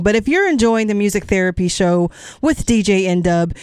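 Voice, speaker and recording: A woman's voice: mid-range voice, lively intonation, normal speed, darkish tone, smooth, dry recording, clean studio sound. A middle-aged woman hosting a radio music show, talking casually between songs in a chatty, encouraging way that sometimes wanders off track. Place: radio studio. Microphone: studio microphone.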